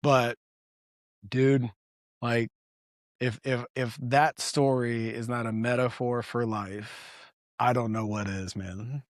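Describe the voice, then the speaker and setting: A man telling a story as a podcast guest in casual chat, animated, loose and profane. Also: medium pitch, slow, dry recording, clean studio sound.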